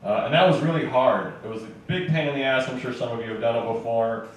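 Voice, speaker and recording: A man's voice: medium pitch, fast. A man from Montana doing stand-up, telling loose stories with asides. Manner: loose, rambling storytelling with asides. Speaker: stand-up comedian. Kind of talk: stand-up set. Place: comedy club stage. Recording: echoey club taped from far off with faint hiss.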